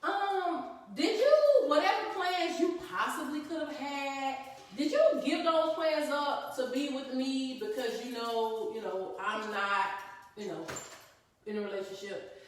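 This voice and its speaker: Brief: high-pitched woman co-host, lively, laughing, heard from a distance in an echoey space. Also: unhurried. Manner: animated, laughs often, acts out friends' voices. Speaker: co-host of live talk stream. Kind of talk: casual chat to a live audience.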